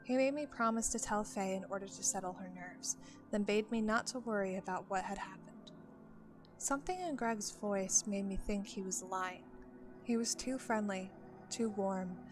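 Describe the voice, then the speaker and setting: A woman narrating a first-person tale in a steady, measured reading voice. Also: mid-range voice, music in the background. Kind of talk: storytelling narration.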